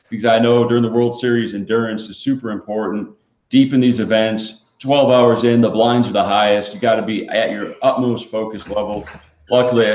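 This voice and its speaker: Deep-voiced man, echoey lo-fi stream. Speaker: live stream host. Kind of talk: casual live stream chat. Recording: echoey, dull lo-fi stream audio.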